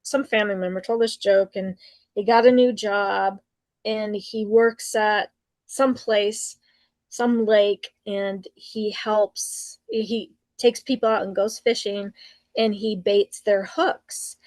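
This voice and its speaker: A woman's voice: mid-range voice, fairly even intonation, slow pace, a little mellow, no room sound. A woman in a casual livestream chat telling a story with giggles.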